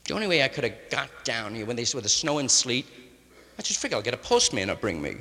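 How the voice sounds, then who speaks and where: Gravelly hip-talking man, lively pitch. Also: long reverb tail. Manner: jazzy hip slang, tacks on "man", mimics others in quick bits. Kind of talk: loose hipster riffing monologue.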